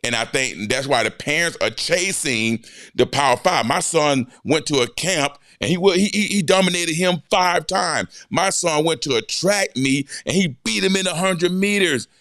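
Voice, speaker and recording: A man's voice: on the high side, animated, moderate pace, fairly bright tone, dry recording, studio quality. A man hosting a coaching podcast, making his points emphatically and checking in with repeated questions. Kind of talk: podcast conversation.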